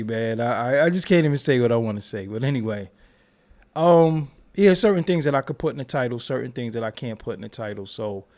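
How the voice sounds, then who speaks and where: A man's voice: medium pitch, a little mellow. A man hosting a casual live stream, loose and rambling, tired and yawning between repeated phrases. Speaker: YouTube commentary host.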